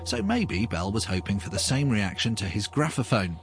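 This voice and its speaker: A man's voice: on the low side, very animated, moderate pace, over music. A man narrating a documentary with a wry, inquisitive manner. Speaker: podcast presenter.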